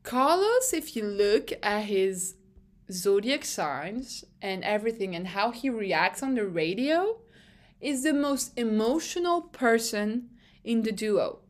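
Animated, opinionated young woman podcaster. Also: fairly high pitch, takes it slowly. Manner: animated, opinionated, swears freely. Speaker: podcast host. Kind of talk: casual solo podcast monologue.

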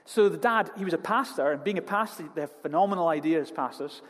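Man, pastor, sermon, lively storytelling, higher voice, long church reverb. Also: quick pace. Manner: jokey storytelling, animated. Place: church hall.

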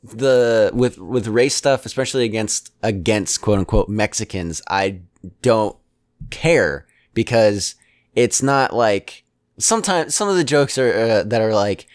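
A man co-hosting a casual chat, rambling and halting with many restarts and fillers, often chuckling. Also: on the low side, no echo, clean studio sound.

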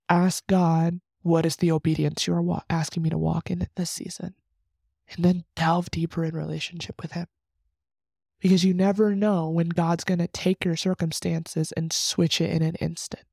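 A woman's voice: lowish voice, flat delivery, moderate pace, creaky, warm tone, no room sound. A young woman hosting a faith podcast, sharing an unscripted personal reflection in an earnest, rambling way with frequent restarts.

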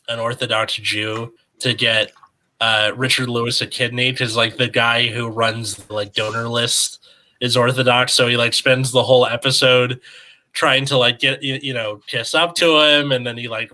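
A man's voice: medium pitch, pushed and bright. A man co-hosting a podcast, retelling a TV episode in a loose, rambling way with lots of fillers. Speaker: podcast co-host. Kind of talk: casual chat.

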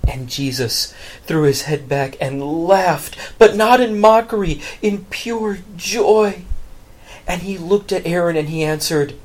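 A male pastor telling a Bible story dramatically in a sermon. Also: takes it slowly. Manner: dramatic, expressive storytelling with big pitch swings.

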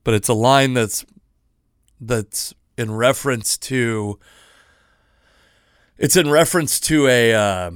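A man in his thirties talks through his solo podcast in a loose, rambling way. He stops and restarts often and makes self-deprecating asides. His voice sits at an ordinary middle pitch, recorded dry and close with little room sound. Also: takes it slowly, pauses often, clean tone, dry recording. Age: 30s. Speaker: podcast host. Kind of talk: casual solo podcast talk.

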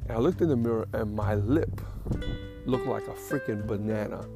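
Gravelly man telling rambling stories. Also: on the low side, moderate pace, music in the background. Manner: rambling, profane, self-amused. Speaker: podcast host. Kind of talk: casual storytelling.

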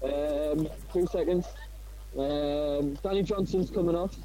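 A man reporting on a football match over a mobile phone from a windy ground, speaking in a flat, laconic, hesitant way. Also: a little high, slow pace. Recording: windy phone call with faint noise.

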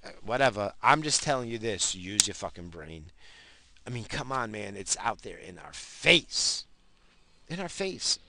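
A man's voice: fairly low pitch, sing-song, a little slow, pushed and bright, slight background noise. A man, calling himself a stoner, ranting about conspiracies in heated, profane talk that keeps repeating itself. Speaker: self-described stoner.

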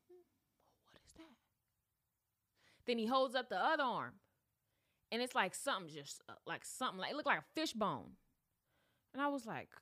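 A woman hosting a podcast, telling a story in a casual, slangy way and acting out voices as she goes. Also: on the high side. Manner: animated, slangy, acts out voices. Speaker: podcast host.

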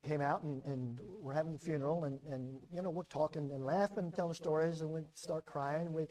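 A middle-aged American pastor preaches in a fairly high voice, often repeating words to build his point and shifting between loud emphasis and quiet, measured stretches.

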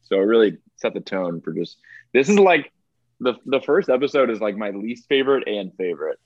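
Chill young dude, kinda low, swears a lot, dull dry recording. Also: male voice, very animated, a little fast, dry recording. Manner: laid-back, swears and laughs a lot. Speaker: podcast co-host. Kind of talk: casual chat.

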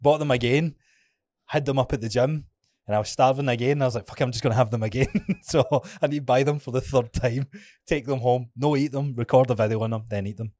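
Scottish male fitness coach, podcast co-host; candid, profane, animated storyteller; mid pitch, dry close mic. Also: quick pace, no room sound. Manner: frank, swears often, acts out his own anecdotes. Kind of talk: casual podcast chat.

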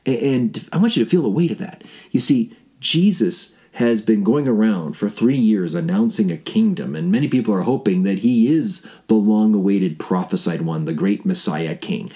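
A man teaching about the gospel story, telling it with animated energy, rhetorical questions and big swings between excited and quiet delivery. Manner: swings from excited high pitch to low, quiet explaining. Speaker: Bible teacher.

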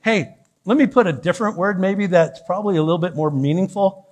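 A man's voice: high voice, a little fast, darkish tone. A middle-aged man preaching a sermon as pastor in a church, chatty, with joking asides and frequent restarts. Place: church sanctuary.

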